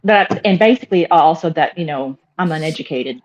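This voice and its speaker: Low-voiced exasperated woman. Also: fairly quick. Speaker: livestream participant. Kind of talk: casual group chat. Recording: muffled lo-fi audio.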